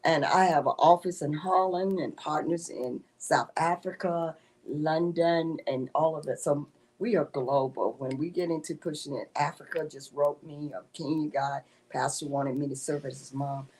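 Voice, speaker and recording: A woman author, a guest in a casual interview, telling animated stories and often breaking into laughter. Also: deep voice, moderate pace. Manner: animated storytelling with frequent laughter.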